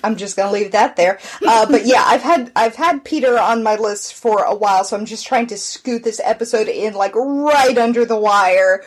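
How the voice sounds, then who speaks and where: A woman's voice: a little high, moderate pace, hardly any pauses, breathy edge. A woman co-hosting a podcast, chatting casually and telling a history story with frequent laughs. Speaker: podcast co-host. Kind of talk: casual chat.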